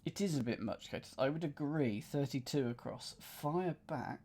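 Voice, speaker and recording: A man's voice: on the high side, normal speed, darkish tone. A man streaming himself solving a cryptic crossword, reading clues aloud and musing over the wordplay. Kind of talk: thinking aloud while solving.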